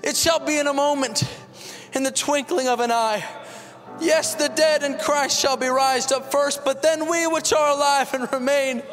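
A man's voice: extremely high pitch, fairly even intonation, moderate pace, a bit bright, in a large hall, soft background music. A man preaching a fervent sermon as a pastor, building with repeated rhetorical questions.

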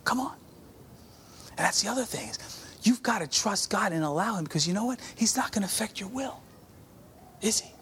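A man's voice: high-pitched, lively intonation, brisk, long pauses, a bit bright, a little hiss or hum. A middle-aged man preaching a sermon, telling a personal testimony in a conversational way and calling out to the congregation. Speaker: pastor.

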